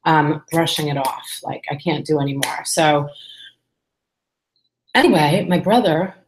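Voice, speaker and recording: A woman's voice: deep voice, a little slow, echoey room, slight background noise. A woman talking candidly to the camera in a casual personal vlog, rambling and chatty with lots of fillers. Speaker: vlogger.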